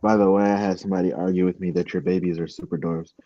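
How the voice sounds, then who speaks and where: A man's voice: sits low, level tone, fast talker, warm tone, muffled recording. A man co-hosting a podcast in a laid-back, joking way. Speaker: podcast co-host. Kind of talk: casual chat.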